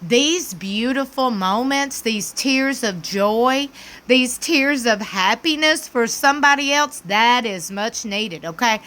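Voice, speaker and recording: Bright-voiced woman recapping TV. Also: on the high side, slow. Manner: animated, emphatic, chatty. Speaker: TV recap YouTuber. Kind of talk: casual chat recap.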